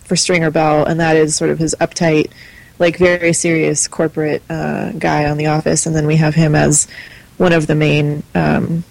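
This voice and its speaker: Low creaky-voiced woman chatting casually. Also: level tone, moderate pace, a little mellow, low-quality recording. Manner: chatty, hesitant with many fillers. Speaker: podcast co-host. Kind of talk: casual chat.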